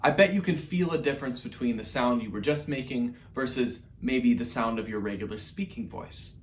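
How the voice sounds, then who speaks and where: A man's voice: medium pitch, moderate pace, roomy sound. A man teaching an online music lesson to young children in an upbeat, encouraging way, speaking directly to his class.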